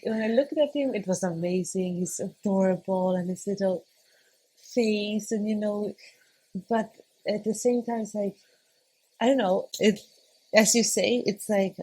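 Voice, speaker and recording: A young woman, a podcast guest, talking casually and hesitantly, often searching for words and laughing softly between thoughts. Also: mid-range voice, unhurried, breathy edge. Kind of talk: casual conversation.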